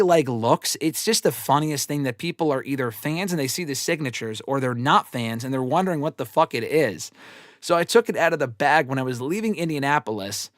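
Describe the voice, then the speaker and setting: A man's voice: medium pitch, dry recording, studio quality. A man hosting a wrestling show, telling rambling, profane, self-deprecating stories in casual livestream chat. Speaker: wrestling show host answering fan questions.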